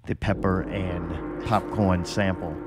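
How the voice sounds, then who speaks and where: A man's voice: deep voice, fairly even intonation, takes it slowly, loud music behind the voice. A man hosting a podcast in casual chat, ranting crudely with a lot of profanity. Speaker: podcast host. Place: studio.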